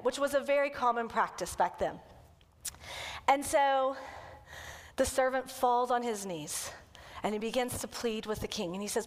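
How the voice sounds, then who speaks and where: A woman kids' pastor preaching a sermon as a lively storyteller who acts out the quotes. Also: high voice, moderate pace, in a large hall.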